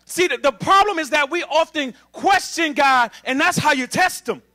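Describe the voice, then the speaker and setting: A man preaching an emphatic sermon to a congregation, calling for responses from the pews and building up to shouting. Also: very high voice, normal speed. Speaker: assistant minister.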